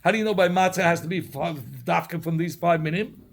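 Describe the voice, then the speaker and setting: A man's voice: a little high, quick pace, creaky. A man with a Yiddish-inflected English accent, teaching a Talmud class and explaining terms step by step with frequent restarts.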